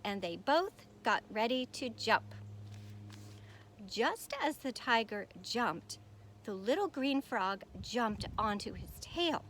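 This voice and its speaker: A woman teacher reading a children's picture book aloud in an expressive, animated way. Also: on the high side, takes it slowly, slight background noise.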